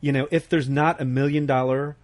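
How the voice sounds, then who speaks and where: A man's voice: mid-range voice, steady tone, a little fast. A man in casual podcast chat, joking and a little hesitant.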